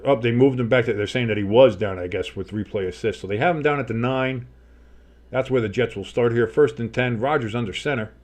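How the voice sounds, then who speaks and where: A man's voice: medium pitch, darkish tone. A man calling a game play-by-play as a fan commentator, rambling and joking with profane asides, saying he has had too much coffee. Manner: says he is talking fast on too much coffee.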